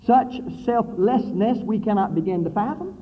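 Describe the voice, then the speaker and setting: A man preaching a sermon with dramatic swings between loud declaiming and low, hushed passages. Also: normal speed. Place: church building with brick wall. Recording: phone-like thin sound in a reverberant hall.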